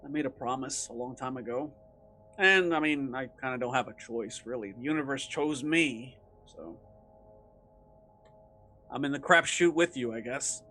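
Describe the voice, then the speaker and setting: A man voicing a calm, wry immortal man who sounds resigned to his fate, speaking low-key and dry. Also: moderate pace, faint music behind, close to an everyday voice.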